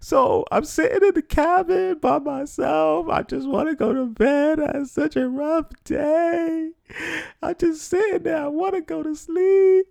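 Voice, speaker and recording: A man acting out his younger self as a hysterical, sobbing boy at summer camp, wailing in a high voice. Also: fairly even intonation, unhurried, creaky, darkish tone, no room sound, full character voice. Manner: wailing, high-pitched, crying out.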